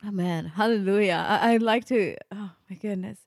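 A soft-spoken woman hosts a faith-based interview, her voice dry and close with no room around it. She stammers as she asks questions and often breaks into praise. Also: medium pitch, moderate pace, no echo. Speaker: host.

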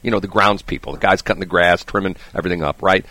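A middle-aged man hosting a talk show, telling a long story in a casual, animated way, often restarting his sentences and checking in with "okay?". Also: low voice, fast talker, no room sound. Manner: rambling, animated, frequent restarts and "okay?" asides. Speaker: radio show host.

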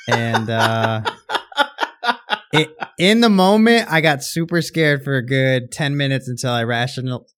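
A man's voice: medium pitch, lively intonation, measured pace, a bit bright, clear, resonant tone. A young man co-hosting a casual podcast, talking in a laid-back way, swearing and laughing through his story. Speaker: podcast co-host. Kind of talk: casual chat.

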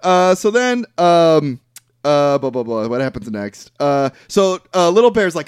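Male podcast host, somewhat high voice, casual rambling recap, dry close mic. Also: big pitch swings, unhurried, clean tone, no room sound. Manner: rambling storyteller, swears casually, many fillers.

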